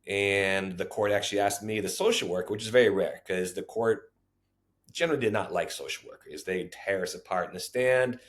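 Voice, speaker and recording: A man with a deep, low voice talks through memories from his years in child welfare work. He tells them in an interview, animated, and slips into the voices of the people he quotes. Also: a little fast. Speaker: former child welfare social worker. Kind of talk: storytelling interview.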